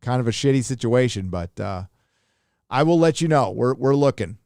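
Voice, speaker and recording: A man's voice: mid-range voice, expressive, a little mellow, smooth, no room sound. Laid-back man reading donations, dry mic. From Southern California. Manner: rambling, laid-back, quick laughs, many fillers. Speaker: livestream host reading viewer donations. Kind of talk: casual livestream chat.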